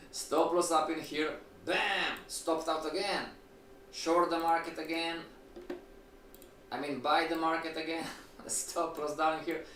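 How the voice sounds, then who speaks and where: A man teaching a live-streamed trading lecture, animated, asking rhetorical questions and acting out his students' replies. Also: fairly high pitch, slow pace, long pauses. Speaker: trading instructor. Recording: echoey room, distant mic, faint noise.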